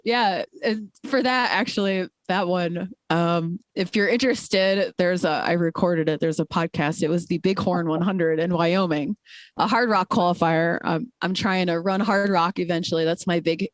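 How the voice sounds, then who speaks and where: A woman's voice: lowish voice, dry recording. Candid, emphatic woman, dry sound. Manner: candid and emphatic, many fillers. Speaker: guest, trail ultrarunner. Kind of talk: casual interview chat.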